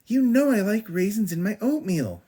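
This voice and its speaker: A man voicing a rude, demanding little girl bear in a storybook read-aloud, with a high whiny voice. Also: wildly swooping pitch, normal speed, darkish tone, slightly rough, full character voice.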